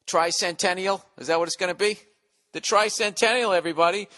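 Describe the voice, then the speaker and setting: Podcast host, man in his 40s, from the United States, high bright voice, sarcastic profane rant. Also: brisk. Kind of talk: solo comedic rant.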